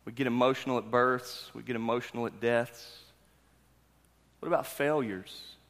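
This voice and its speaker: A pastor in his thirties preaching a sermon, talking with his congregation and asking them questions before he builds to loud, emphatic preaching. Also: mid-range voice, fairly even intonation, normal speed, creaky. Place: church hall. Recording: long hall reverb.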